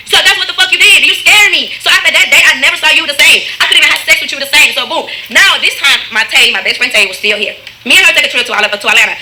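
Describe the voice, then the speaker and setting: Woman, emotional personal storytelling, very fast, high pitch, intense, direct. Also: pushed and bright, slight background noise. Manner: intense, talks straight to the listener. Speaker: woman telling her own story in a played clip.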